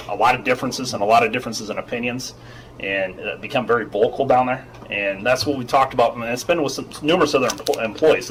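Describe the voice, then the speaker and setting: A middle-aged man, an HR manager, giving formal testimony at a hearing in a measured, explanatory way, often repeating himself. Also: medium pitch, a bit bright, slight background noise, poor audio.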